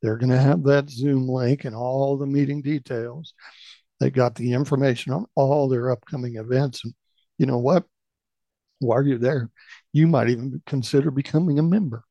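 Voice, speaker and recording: Middle-aged man, radio storytelling host, gravelly, mellow, dry close sound. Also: medium pitch, steady tone, normal speed, no room sound, dull audio. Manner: folksy, conversational storyteller.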